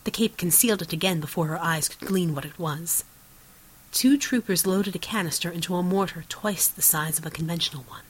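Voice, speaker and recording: Woman narrating with a husky low voice. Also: fairly quick, rough recording. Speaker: audiobook narrator. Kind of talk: scripted narration.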